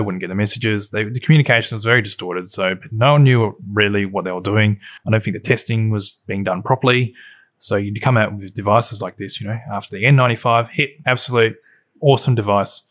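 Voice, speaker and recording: A man's voice: lowish voice, a bit bright. A man co-hosting a casual tech podcast, talking in a rambling, nostalgic way with lots of fillers. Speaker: podcast co-host.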